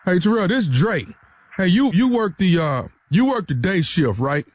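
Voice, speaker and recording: A man's voice: sits high, very animated, moderate pace, no room sound. A man on a radio show making a prank call, provoking and stammering in a mock-serious tone.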